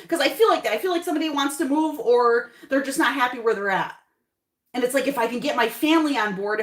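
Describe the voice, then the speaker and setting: Female tarot reader, higher voice, loose reassuring chat, repeats lines, echoey room. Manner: chatty, reassuring, repeats phrases. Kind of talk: casual tarot reading to camera.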